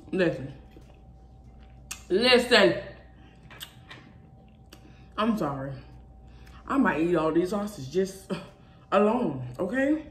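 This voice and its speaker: Sassy young black-woman vlogger, lowish voice, roomy echo. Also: very animated, slow, long pauses. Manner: sassy, emphatic, talks to viewers directly. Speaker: mukbang vlogger. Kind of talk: casual chat to camera. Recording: echoey room with faint noise.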